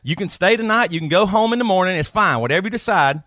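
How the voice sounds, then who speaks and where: A man's voice: expressive, quick pace, bright, forceful tone, dry recording, clean studio sound. A man voicing a crude, cocky Southern redneck who lives in a trailer, with a thick South Carolina drawl and a hammy delivery. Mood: crude, boastful. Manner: exaggerated drawl, high and hammy.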